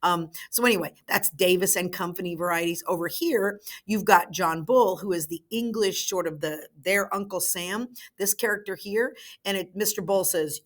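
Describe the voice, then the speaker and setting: A woman's voice: lowish voice, moderate pace, hardly any pauses. A woman history teacher recording an online lecture in a chatty way, with rhetorical asides to her students.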